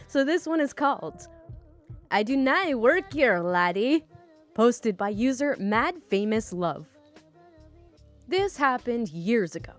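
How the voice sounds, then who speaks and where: A woman hosting a storytime channel, reading Reddit stories aloud in a bubbly, chatty way. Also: fairly high pitch.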